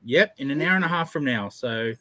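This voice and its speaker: A man's voice: mid-range voice, lively intonation, a little fast, bright, forceful tone, dry recording. A man, hosting a casual livestream, chatty and laughing often as he reads viewer comments. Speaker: livestream host.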